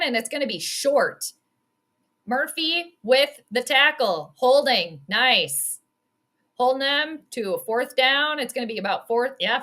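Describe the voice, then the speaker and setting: Animated high-voiced woman commentating football. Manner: animated, exclaims and scolds the team, laughs often. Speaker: host giving live football commentary. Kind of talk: casual live play-by-play commentary.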